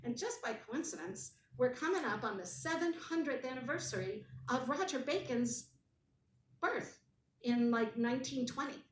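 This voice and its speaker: A woman guest telling a story in casual conversation, animated and wry. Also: on the high side, moderate pace, a little hiss or hum. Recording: roomy, distant mic, faint ambience.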